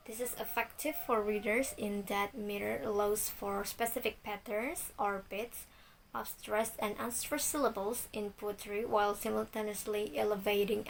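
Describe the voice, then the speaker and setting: Young woman student presenter, gravelly edge, faint noise behind; steady recital of examples. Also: medium pitch, rough recording. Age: young adult. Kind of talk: reading a class presentation.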